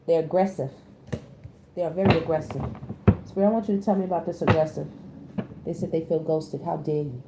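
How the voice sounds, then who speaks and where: A woman giving a casual tarot reading. She talks to her viewers directly in slangy speech, jumping from loud exclamations to low muttered asides. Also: fairly even intonation, brisk, long pauses. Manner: slangy, addresses the audience directly. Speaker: tarot reader. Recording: echoey room with faint background noise.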